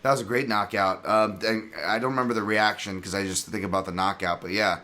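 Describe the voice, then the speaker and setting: Bright-voiced man hosting a casual podcast. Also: fairly low pitch. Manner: energetic, quick to react and agree. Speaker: podcast host.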